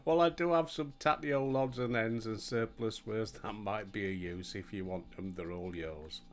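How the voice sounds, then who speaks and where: A man's voice: on the low side, normal speed, natural voice. A man in his sixties with a Yorkshire accent voicing a kindly game shopkeeper, reading the lines plainly in his own voice. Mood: friendly. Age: 60s.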